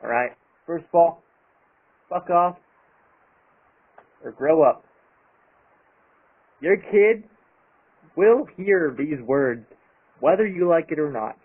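Taking his time and leaving long gaps, a man with a slightly rough, a little high voice expressively vents about his channel. It's a YouTuber's ranting vlog, angry, emphatic and loaded with profanity, recorded with thin phone-like sound.

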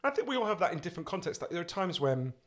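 A man with a posh English accent, a guest author telling animated, profane stories in casual podcast chat. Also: sits high, rapid-fire. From England. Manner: animated, swearing storyteller.

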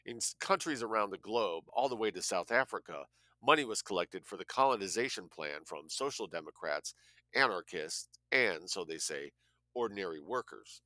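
A man's voice: lowish voice, expressive, moderate pace, bright, forceful tone, no echo. A man reading a nonfiction book aloud, spelling out words letter by letter and adding blunt asides of his own. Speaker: audiobook reader.

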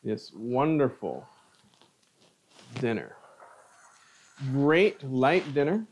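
Brief: middle-aged male cooking host, chatty, mid-pitched, tastes and comments on food on a live stream. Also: animated, normal speed, long pauses, a little hiss or hum. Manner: chatty, savoring food between remarks.

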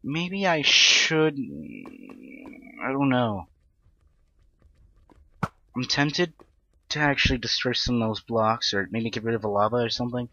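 Young male gamer, bright mid-pitched voice, rambling self-deprecating commentary with panicky bursts. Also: fairly even intonation, moderate pace, pauses often, muffled recording. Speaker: Let's Play gamer. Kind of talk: casual gameplay commentary.

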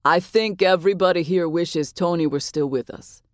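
A woman voicing an earnest, devoted young man in an audiobook, in a plain, even tone. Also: on the low side, normal speed, no room sound, clean studio sound, natural voice. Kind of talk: audiobook character voice.

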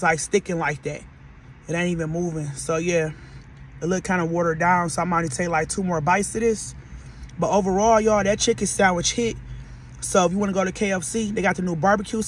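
High-voiced chatty man from Detroit. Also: fairly even intonation, fairly quick, fairly bright tone, slight background noise. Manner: chatty, keeps calling viewers "y'all". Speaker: podcast host reviewing food. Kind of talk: casual mukbang food review.

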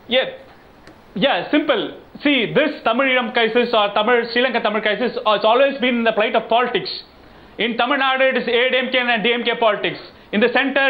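A man speaking as a panelist in a televised political debate, emphatic and talking over the others. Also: extremely high pitch. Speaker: panelist, youth organisation founder. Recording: phone-like remote audio link.

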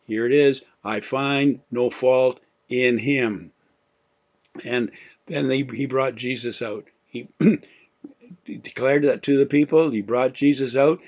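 A man's voice: medium pitch, darkish tone. A man teaching a Bible lesson in sermon style, emphatic and repeating key phrases, quoting scripture with dramatic force. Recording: dull lo-fi recording.

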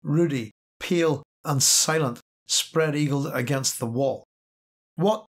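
A man reading science fiction aloud as an audiobook narrator, steady and measured. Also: medium pitch. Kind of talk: scripted narration.

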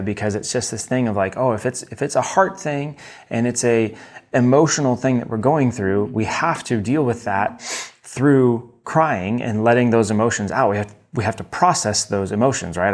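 A man in his thirties from the United States, hosting a podcast and talking enthusiastically through a book review, with many fillers and restarts. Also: fairly low pitch. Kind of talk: casual solo book review.

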